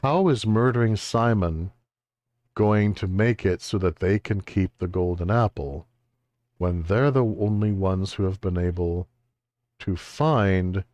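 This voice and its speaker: Low, unhurried man joking over a game. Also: a little mellow, no echo, highs cut off. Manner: wry, joking, exaggerated exclamations. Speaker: game streamer. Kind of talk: let's-play commentary.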